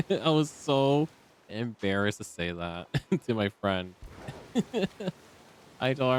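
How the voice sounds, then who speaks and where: A man's voice: medium pitch, big pitch swings, slow pace, pauses often, a little hiss or hum. A man streaming a video game, chatting casually and rambling with many ums into a desk microphone. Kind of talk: casual live-stream chat. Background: faint game music.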